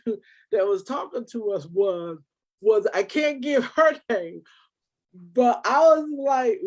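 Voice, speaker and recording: A woman's voice: on the high side, slow, poor audio. Woman telling a story with feeling. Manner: animated, emotional storytelling with quoted dialogue. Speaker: nonprofit founder. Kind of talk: personal storytelling in an interview.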